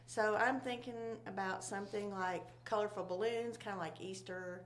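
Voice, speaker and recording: Lady on a local talk show, rambly, lots of ums, kinda low hum behind. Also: fairly even intonation. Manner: rambling, halting with many fillers. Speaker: chamber of commerce member.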